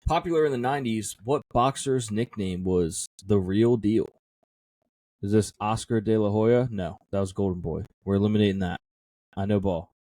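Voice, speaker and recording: A man co-hosting a podcast, reading trivia questions aloud in a casual chat, laughing often and thinking out loud over the answers. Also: lowish voice, moderate pace, dry recording.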